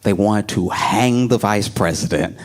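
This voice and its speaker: A man doing stand-up comedy, telling a story in an animated way and jumping into put-on voices. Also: a little slow. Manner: animated, jumps into high put-on voices, laughs a lot.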